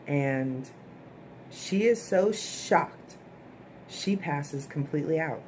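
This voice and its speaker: Low-voiced woman recapping a TV episode. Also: takes it slowly, pauses often, mellow, a little hiss or hum. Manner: chatty, with frequent "okay?" asides to viewers. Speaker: TV show reviewer.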